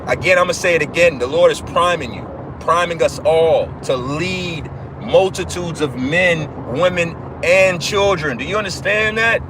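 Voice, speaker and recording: A man's voice: on the high side, normal speed, noisy background. A man giving an informal livestream sermon, emphatic and repetitive, swearing casually as he preaches.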